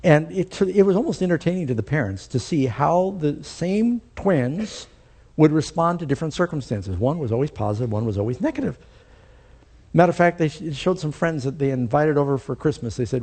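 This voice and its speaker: A male pastor preaching a sermon with animated, storytelling energy that climbs to emphatic high points. His voice sits a bit high yet sounds mellow and relaxed in tone. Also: brisk, husky.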